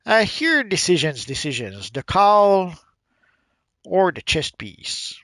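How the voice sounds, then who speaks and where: Relaxed man commentating a game. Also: sits high, very slow, clean tone, no echo. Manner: relaxed, chatty, explains as he plays. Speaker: gaming channel host. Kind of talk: casual gameplay commentary.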